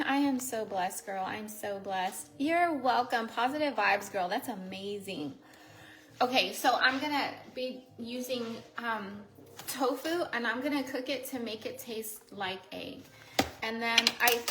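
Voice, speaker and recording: A woman hosting a casual cooking livestream from her home kitchen, chatting and greeting viewers with sudden excited squeals. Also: fairly high pitch, a little slow, echoey room, slight background noise, poor audio.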